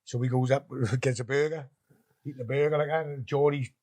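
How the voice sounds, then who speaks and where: A man's voice: medium pitch, steady tone, brisk, a little mellow. A middle-aged man telling a story as a guest in a casual chat. He talks colloquially and swears as he builds to the punchline.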